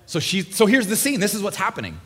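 Animated high-voiced male preacher. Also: fast. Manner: animated, emphatic, dramatic swings from hushed to loud. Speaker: pastor. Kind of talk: sermon. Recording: long hall reverb with faint music.

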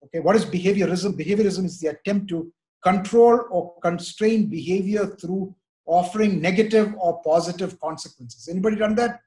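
Middle-aged male church teacher, slightly high voice, rambling and filler-heavy, keeps asking "right?". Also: brisk, a little mellow. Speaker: church teacher leading a parenting class. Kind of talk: interactive online parenting lesson.

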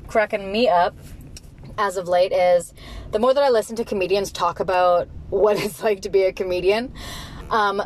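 Woman, casual solo monologue, animated, swears, faint vehicle hum. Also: rough recording. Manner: animated, acts out whiny voices in high pitch, swears freely.

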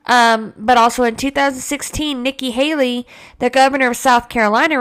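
A woman's voice: a little high, vocal fry, fairly bright tone. A woman hosting a casual solo podcast, profane and sarcastic, drawing out mocking quotes. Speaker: podcast host.

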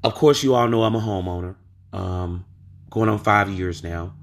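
A man's voice: low voice, normal speed. A man hosting a podcast, telling a story in a casual monologue and pressing his point with rhetorical questions. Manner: emphatic, asks rhetorical questions. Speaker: podcast host.

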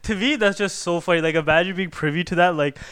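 Joking young man with a high voice. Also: fast, fairly bright tone, clear, resonant tone, no room sound, studio quality. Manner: laughing, joking, does silly voices. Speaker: podcast co-host. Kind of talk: casual podcast chat.

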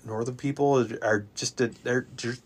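Animated Chicago-born man telling travel stories. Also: moderate pace, slightly rough. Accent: Chicago, softened by Kansas City. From Chicago area. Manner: animated storyteller, restarts and repeats words, jumps up in pitch for emphasis. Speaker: guest traveling by RV. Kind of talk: casual chat.

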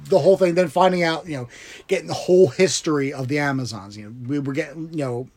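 A man with a fairly high voice co-hosts a loose movie review podcast. He rambles through the plot, keeps saying "you know" and "it's like," and slips into quick little voices for the characters. He laughs easily as he talks. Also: a little mellow. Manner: rambling, acts out scenes in quoted voices, laughs often. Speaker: podcast co-host. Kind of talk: casual movie review chat.

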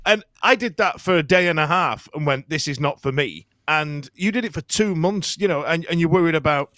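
A man's voice: a little high, brisk, a bit bright, dry recording. A man co-hosting an interview, telling stories and joking, often repeating words as he starts. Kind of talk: casual interview chat.

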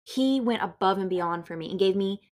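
A young woman co-hosting a podcast, telling stories in animated casual chat with quick bursts of speech. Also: medium pitch. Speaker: podcast co-host.

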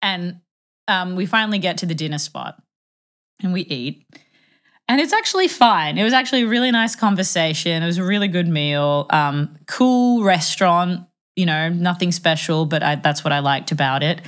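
A young woman telling a dating story in casual chat, animated and self-mocking, acting out the quotes. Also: on the low side, normal speed.

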